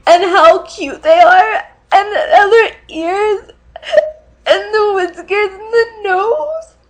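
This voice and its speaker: A young woman, high in pitch, stumbles through a dating-video introduction, played by an actress. She speaks slowly and haltingly, filling gaps with ums. Her voice keeps breaking into tearful sobs over her love of cats. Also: poor audio. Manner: halting, full of fillers, choking up into tears. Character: nervous young woman, overly emotional about cats. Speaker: online dating video profile. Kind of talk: comedic monologue to camera.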